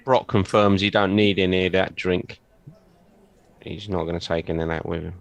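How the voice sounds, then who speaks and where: Deep, gravelly man at the gaming table. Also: fairly even intonation, normal speed, muffled recording. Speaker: player. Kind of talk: casual tabletop play.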